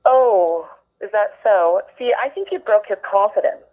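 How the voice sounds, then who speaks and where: A woman's voice: medium pitch, unhurried. Woman, phone caller, catty, teasing, combative, tinny phone sound. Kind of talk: phone-in banter.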